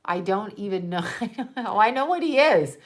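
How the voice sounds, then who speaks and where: A woman's voice: mid-range voice, lively intonation, moderate pace. Exasperated woman ranting to her viewers. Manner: exasperated, profane, laughing in disbelief; trailing off and restarting, rhetorical questions. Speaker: livestream host talking to viewers. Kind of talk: rambling casual monologue.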